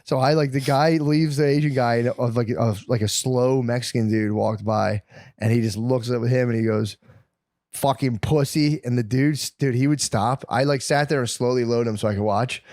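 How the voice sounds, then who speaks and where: A man's voice: mid-range voice, fairly even intonation, a little fast, darkish tone, dry recording. Mid voice guy on a podcast rambling thru a story, cussing, laughing, dry sound. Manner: profane, rambling, laughs while telling stories. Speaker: podcast co-host. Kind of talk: casual storytelling chat.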